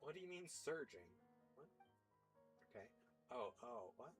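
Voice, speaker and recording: Guy reading game dialogue out loud, wry and jokey, mild stutter, faint game music under him. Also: mid-range voice, sing-song, unhurried, poor audio. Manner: wry, joking, often laughs and interrupts himself; mild stutter, trips over words. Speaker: gaming video creator. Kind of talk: reading game dialogue aloud with casual commentary.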